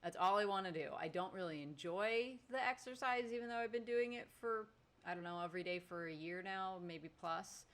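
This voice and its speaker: A woman co-hosting a podcast, telling a story in casual chat with animated exasperation. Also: medium pitch, brisk. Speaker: podcast co-host.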